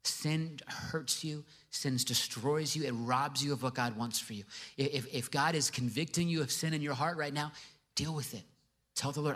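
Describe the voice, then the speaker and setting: A man's voice: on the high side, moderate pace, fairly bright tone. A male pastor giving a sermon to a congregation, conversational with joking asides. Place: church before a congregation.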